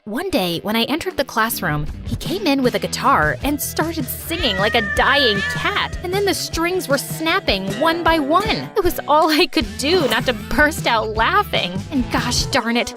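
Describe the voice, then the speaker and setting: A woman narrating a first-person animated story in a wry, reflective way. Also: high-pitched, measured pace, few pauses, music in the background.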